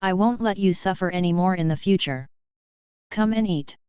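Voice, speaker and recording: A woman reading the part of a calm, self-assured young man in an audiobook, speaking softly and evenly. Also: lowish voice, moderate pace, smooth, no room sound, highs cut off, close to an everyday voice. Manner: soft, even delivery.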